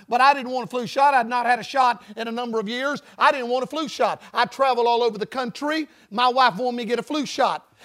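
A man preaching a sermon in a church, his voice pitched strikingly high. He speaks with a folksy, joking manner, then builds to loud, shouted emphasis. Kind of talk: sermon with storytelling. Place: church building before a congregation.

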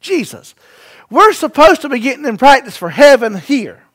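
Male pastor with a very high voice, dynamic sermon delivery that swings from loud to hushed and quizzes the congregation. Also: sing-song, moderate pace. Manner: rhetorical questions to the congregation.

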